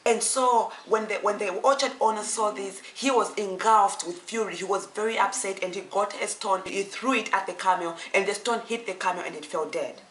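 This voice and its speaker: A woman's voice: mid-range voice, normal speed, hardly any pauses, fairly bright tone. A woman telling a story casually and off the cuff, full of restarts and "you know" fillers, slipping into the characters' lines as she goes. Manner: acts out the characters' lines in quoted voices. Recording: echoey room with faint ambience.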